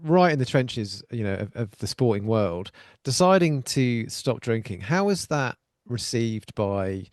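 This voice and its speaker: A man from Wales, hosting a podcast and asking rambling, animated questions. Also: medium pitch, a little slow, few pauses, no room sound, clean studio sound. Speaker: podcast host. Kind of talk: casual podcast interview.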